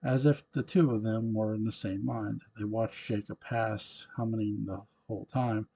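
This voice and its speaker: A man narrating a novel aloud in a steady, unhurried reading voice. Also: on the low side, gravelly, breathy edge, low-quality recording.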